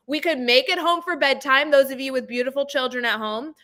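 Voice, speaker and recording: A woman's voice: high voice, fairly even intonation, pushed and bright. A woman education podcaster in a casual panel chat, bubbly and chatty. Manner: bubbly, fast-talking, chatty. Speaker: education podcaster and course creator.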